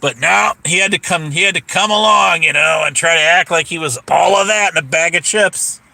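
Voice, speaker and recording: A man's voice: fairly high pitch, a little fast, creaky, pushed and bright, no echo. A man ranting on a casual livestream, rambling and profane, with lots of restarts.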